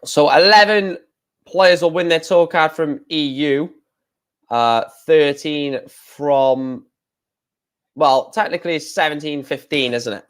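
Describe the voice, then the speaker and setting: A man's voice: on the high side, slow, clean tone. A man hosting a live stream, chatting casually and correcting himself as he goes. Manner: chatty, thinking aloud, self-correcting.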